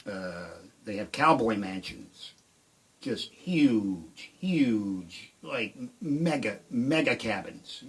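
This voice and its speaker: Rambling deadpan male comic, live stream. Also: medium pitch. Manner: rambling, deadpan storytelling with sudden shouted outbursts. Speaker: comedian and musician. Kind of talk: live-streamed stand-up storytelling. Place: home shed.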